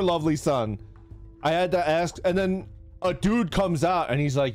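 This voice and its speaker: Guy streaming, chatty, laughs a lot, kinda high voice. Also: normal speed, faint music behind. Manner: laughs a lot while telling stories, reads chat names aloud. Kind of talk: casual live-stream chat.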